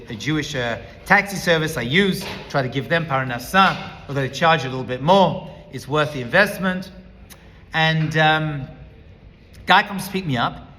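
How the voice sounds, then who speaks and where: A man's voice: on the high side, bright, forceful tone, in a large hall, slight background noise. A man speaking as a rabbi, giving an emphatic teaching talk that he lays out point by point. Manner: emphatic, lecturing, builds points as a numbered list.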